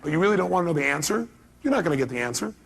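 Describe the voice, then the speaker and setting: A man with a gravelly, husky voice giving a motivational seminar talk to an audience, telling stories dramatically and acting out voices, going from loud to soft. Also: a little high, big pitch swings, very fast. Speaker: motivational speaker.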